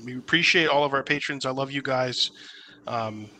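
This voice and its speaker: A man's voice: mid-range voice, moderate pace, sharp tone, a little hiss or hum. A man co-hosting a podcast, speaking bluntly and emphatically with frequent fillers. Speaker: podcast co-host. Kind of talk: casual political chat.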